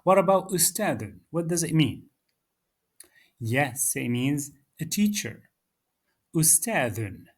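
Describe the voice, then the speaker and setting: Male language teacher, husky voice, very slow and patient delivery, drills words for repetition. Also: fairly high pitch, very animated. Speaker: Arabic teacher. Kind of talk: slow beginner language lesson.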